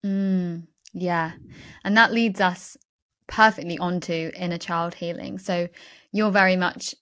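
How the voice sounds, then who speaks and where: A woman's voice: lowish voice, steady tone, slow, fairly bright tone. A woman hosting a podcast interview, speaking in a reflective, thoughtful way. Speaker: podcast host.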